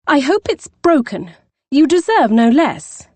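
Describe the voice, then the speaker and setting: A woman voicing a spirited, impulsive young woman who bursts out in high, sharp cries. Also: big pitch swings, measured pace, dry recording. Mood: spiteful.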